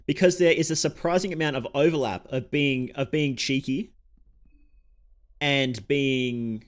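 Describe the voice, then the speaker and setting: He's an Australian streamer speaking at a moderate pace in a mid-range voice. The talk is loose and chatty, regularly broken off so he can comment on the game in front of him.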